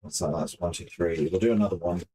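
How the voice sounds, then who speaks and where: A woman's voice: a bass voice, fast, mellow, husky. A woman making a costume helmet, muttering to herself as she works, wry and self-deprecating. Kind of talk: casual crafting vlog.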